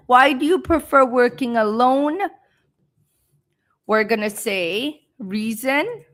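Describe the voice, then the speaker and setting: A young adult woman teaching English speaking on a live stream, deliberate and encouraging, reading out viewers' answers and extending them. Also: fairly high pitch.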